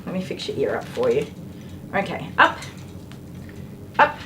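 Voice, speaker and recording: A woman dog groomer on a live stream, firmly telling a dog to stop and then calmly explaining her work to viewers. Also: deep voice, unhurried, pauses often. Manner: firm commands to dog, then calm explaining. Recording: noisy grooming room with clipper buzz.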